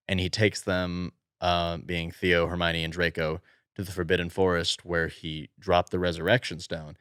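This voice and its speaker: An American man co-hosts a casual podcast, animated and fond of acting out quotes. His voice is very deep. The recording is dry and close. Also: normal speed, smooth, no room sound. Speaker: podcast co-host. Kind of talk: casual chat.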